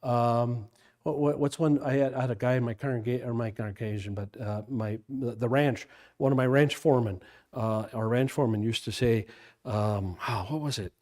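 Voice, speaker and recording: A man's voice: mid-range voice, fairly even intonation, moderate pace, darkish tone. An older man, a pastor leading an informal Bible study, talking in a rambling, digressive way full of restarts.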